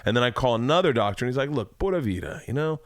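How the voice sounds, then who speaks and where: A man's voice: medium pitch, expressive, very fast, dry recording, clean studio sound. A man hosting a podcast, telling a story in a casual chat, acting out the people he quotes and swearing freely. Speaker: podcast host. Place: home studio room.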